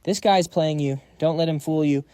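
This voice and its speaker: A man reads as a jealous young rival who schemes and whines. The tone is mellow and a bit high. It is a dry, close read. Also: moderate pace, clear, resonant tone, dry recording, close to an everyday voice. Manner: whiny and spiteful.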